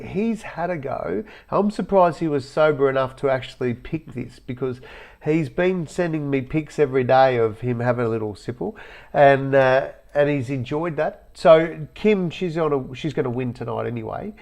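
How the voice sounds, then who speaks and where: A man's voice: medium pitch, moderate pace, creaky, a little mellow. A middle-aged Australian man co-hosting a podcast, bantering in a blunt, cheeky way. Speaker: podcast co-host. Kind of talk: casual podcast chat.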